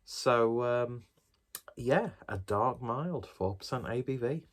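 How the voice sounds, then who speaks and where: A man's voice: medium pitch, animated, takes it slowly. A man chatting casually and wryly as he reviews a beer, dropping the odd swear word. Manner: chatty and wry, with off-the-cuff swearing.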